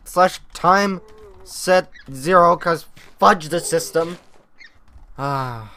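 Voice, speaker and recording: A young man giving excitable let's-play commentary on a modded game, talking to the animals on screen. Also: fairly high pitch, extremely slow. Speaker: gaming youtuber.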